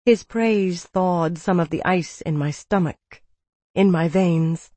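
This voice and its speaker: Woman reading a novel aloud, lowish voice, dry close mic, steady storytelling. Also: takes it slowly, no room sound. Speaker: audiobook narrator. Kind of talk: scripted narration.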